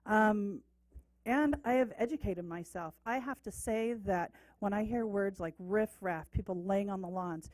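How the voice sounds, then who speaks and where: A woman's voice: mid-range voice, unhurried, a little mellow, no room sound, low-quality recording. Emphatic middle-aged woman at a council dais. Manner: emphatic, insistent, repeats points for force. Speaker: city council member. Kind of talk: speech at a council meeting. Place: council chamber, seated at the dais.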